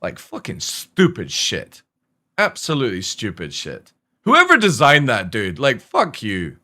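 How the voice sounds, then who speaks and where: Brief: male game streamer, lively up-and-down delivery, profane exasperated rant, mid pitch. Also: a little slow. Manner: animated, swearing often, exasperated.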